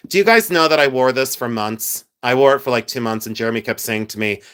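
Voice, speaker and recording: A man's voice: medium pitch, fast, a bit bright. A man in his fifties hosting a live stream, telling stories in a chatty, joking way. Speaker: host. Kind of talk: casual live-stream chat.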